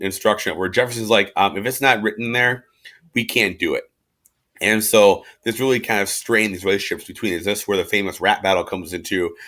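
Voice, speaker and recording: A man with a fairly low, fairly bright voice gives a casual recorded history lecture to a class. He's chatty and slangy, full of fillers and loose restarts, and he acts out quotes in everyday speech.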